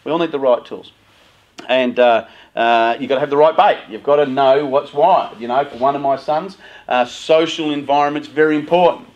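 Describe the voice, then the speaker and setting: A middle-aged man giving an animated motivational talk to parents as a youth worker, acting out the voices of parents and teens. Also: mid-range voice, normal speed, highs cut off.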